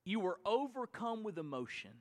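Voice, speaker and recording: A man preaching a sermon to his congregation as pastor, swinging from quiet asides to shouted emphasis. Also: high voice, sing-song, moderate pace. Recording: long church hall reverb.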